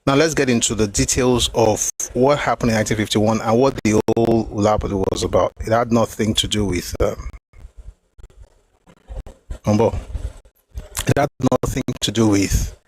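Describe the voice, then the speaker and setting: A man's voice: lowish voice, steady tone, normal speed, long pauses, dry recording, low-quality recording. A man hosting a talk show, reading from a book and explaining each point with emphatic repetition. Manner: emphatic, repeats phrases to drive points home. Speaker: host.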